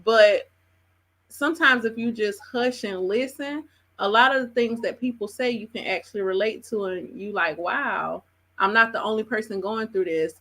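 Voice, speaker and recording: A woman's voice: medium pitch, moderate pace, fairly bright tone. A woman hosting a live open mic, talking casually and chattily and laughing between introductions. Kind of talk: casual live emcee talk.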